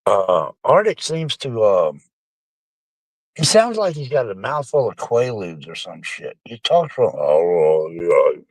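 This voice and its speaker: A man's voice: medium pitch, big pitch swings, a little slow, no echo. A middle-aged man, rambling casually and profanely to his live-stream chat, calling them folks.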